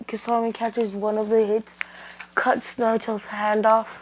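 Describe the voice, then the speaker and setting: A young woman casually retelling a fan story as a channel host, rambling and halting with many fillers and restarts. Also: a little high, little pitch movement, a little hiss or hum, rough recording.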